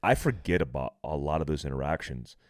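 A middle-aged man, a military veteran guest, telling profane, animated stories in a casual podcast conversation. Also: rumbling low, fairly quick, no echo, studio quality.

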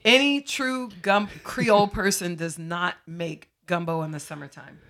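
Woman chatting away, emphatic storyteller, lowish but really bright voice. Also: steady tone, a little slow. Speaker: podcast co-host, former teacher. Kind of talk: casual chat.

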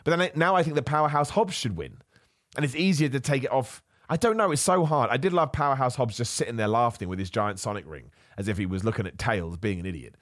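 A man hosts a podcast in loose, animated chat, ranting and laughing as he goes. His voice sits at an ordinary middle pitch, and a cough keeps catching at it. The recording is dry, with no room sound. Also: quick pace, dry recording. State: has a cough. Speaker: podcast host. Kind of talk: casual chat.

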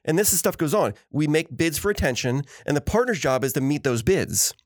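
A man's voice: on the high side, brisk, dry recording, clean studio sound. A middle-aged man in casual chat who tells stories with energy and acts out what others said. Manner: animated storyteller acting out quotes. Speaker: podcast co-host.

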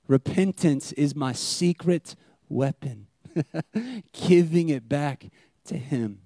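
A young man preaching a sermon as pastor, animated, swinging between loud emphasis and hushed, intimate lines. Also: on the high side, takes it slowly, long pauses, no echo, studio quality.

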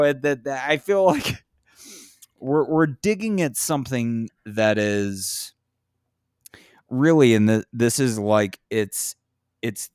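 A man in casual chat who talks in a profane, animated way and gets louder and higher when he is worked up. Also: dry recording, studio quality. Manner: profane, animated, rises in pitch when impassioned.

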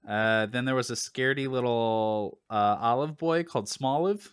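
A man hosting a casual gaming podcast, relaxed and joking, with lots of fillers. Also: medium pitch, normal speed, smooth, no echo, clean studio sound. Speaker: podcast host.

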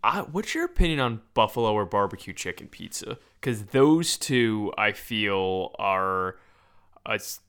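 A man's voice: on the low side, sing-song, measured pace, a bit bright, clear, resonant tone. A man hosting a casual podcast chat, easygoing and rambling as he defends his opinions. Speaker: podcast host.

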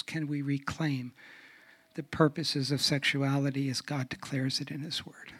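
A middle-aged man preaching a sermon on a church stage, asking rhetorical questions and dropping to a hush for emphasis. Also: fairly high pitch. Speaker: guest speaker on sexuality. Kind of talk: sermon with humorous stories.

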